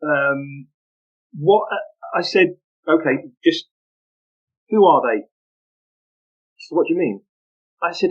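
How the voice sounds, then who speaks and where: A middle-aged man, a podcast guest telling a story in an earnest, animated, conversational way that is full of restarts. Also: fairly high pitch, takes it slowly, long pauses. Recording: muffled lo-fi audio.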